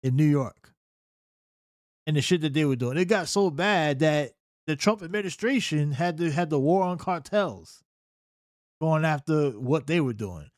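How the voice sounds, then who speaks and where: A man's voice: fairly high pitch, lively intonation, normal speed, no room sound, clean studio sound. A young man hosting an unscripted reaction show, ranting in a heated, incredulous and profane way. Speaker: commentary show host.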